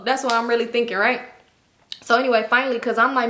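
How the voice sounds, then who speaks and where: A young woman tells a storytime tale straight to camera. Her voice sits a little high and rings bright and forceful. She is animated and profane, with laughs running through the telling. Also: quick pace. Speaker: vlogger.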